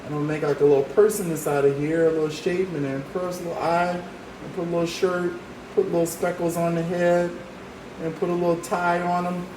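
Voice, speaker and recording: During a drawing demonstration, an art teacher leads the viewer step by step and encourages them. The man's voice is a little high and brisk with little pitch movement; the background is noisy, with roomy echo and faint ambience.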